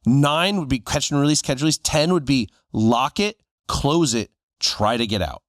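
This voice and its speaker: A man's voice: mid-range voice, normal speed, dry recording, clean studio sound. A man in his forties, a podcast co-host, telling stories casually and acting out the voices of people he quotes. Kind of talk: casual storytelling chat.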